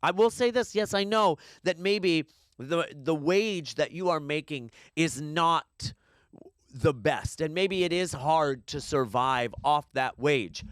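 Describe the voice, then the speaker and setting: A man's voice: fairly high pitch, slow, a bit bright, smooth, no room sound. A man co-hosting a podcast, ranting in a casual, exasperated way and swearing now and then. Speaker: podcast co-host. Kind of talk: casual rant. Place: New York City.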